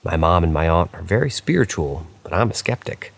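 A man narrating true paranormal stories aloud, reading in a plain, unhurried way with small slips. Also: low-pitched, expressive, creaky. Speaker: story narrator.

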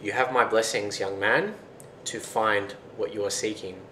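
A man's voice: lowish voice, steady tone, a little slow, sharp tone. Man playing a solemn fairy woman. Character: mysterious female fairy or goddess granting blessings. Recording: roomy with faint noise.

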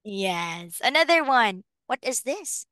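A woman teaching phonics to a young child on a video call. She speaks slowly in a bright, smooth voice a little higher than most, patient and encouraging, spelling words letter by letter. The sound is dry and close. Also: big pitch swings, no echo. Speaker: online English teacher.

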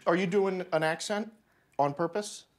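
A man's voice: high voice, steady tone, moderate pace. A man playing a fussy director who calls cuts and gives notes on a TV set. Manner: fussy, bossy, calling cuts and giving notes. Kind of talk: directing a scene.

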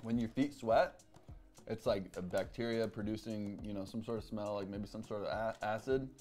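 A man's voice: on the low side, normal speed, a little mellow, soft background music. A man co-hosting a podcast, chatting casually and joking while eating pizza. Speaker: podcast co-host.

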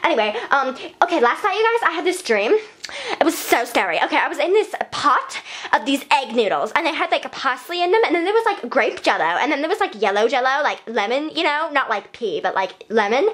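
A woman's voice: high-pitched, sing-song, brisk, a bit bright. A woman voicing a vain, ditzy female fashion doll, rambling in breathless valley-girl chatter in a hyper improvised vlog. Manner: rambling and scatterbrained. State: breathless from talking fast. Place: bedroom at night.

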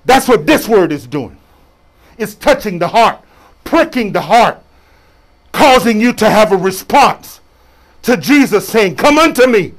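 Lively high-pitched preaching bishop. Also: male voice, measured pace, long pauses. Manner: preacherly, call-and-response with congregation, colloquial. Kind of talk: sermon.

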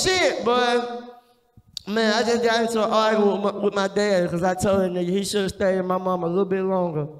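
A man doing a stand-up set on a small club stage, profane and often laughing at his own jokes. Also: high-pitched. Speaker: stand-up comedian. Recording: echoey room, long reverb.

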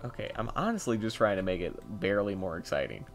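A young man giving casual gameplay commentary, thinking aloud, getting excitable and swearing as he works. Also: fairly low pitch, fast talker, faint music behind. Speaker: gameplay video host.

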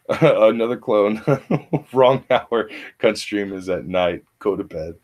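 A North American man hosting a loose livestream chat in a low voice. He rambles, fills pauses with uh and um, and laughs often. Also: darkish tone. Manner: rambling, laughing, many fillers. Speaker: host of a morning stream show. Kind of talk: casual banter on a livestream.

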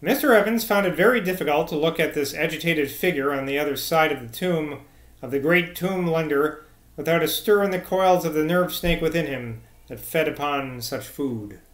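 A man narrating a classic novel as an audiobook reader, in a measured literary manner. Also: fairly high pitch, lively intonation. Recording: echoey room.

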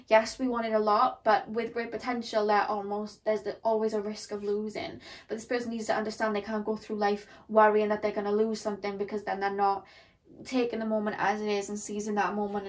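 A young woman giving a casual tarot reading, talking in a rambling, chatty way full of "like" and "um". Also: mid-range voice. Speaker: tarot reader.

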